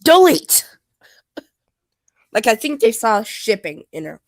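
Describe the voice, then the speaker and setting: A woman's voice: on the high side, lively intonation, moderate pace, no echo. A woman in casual stream chat, rambling with lots of fillers. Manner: rambling, filler-heavy, nerdy train talk. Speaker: stream co-host.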